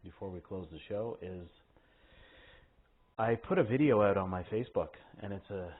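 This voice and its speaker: A man's voice: low-pitched, brisk. A man hosting a show in a rambling, foul-mouthed monologue. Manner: rambling, heavy swearing. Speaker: host. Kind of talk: casual podcast monologue. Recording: tinny phone-like line with faint hiss.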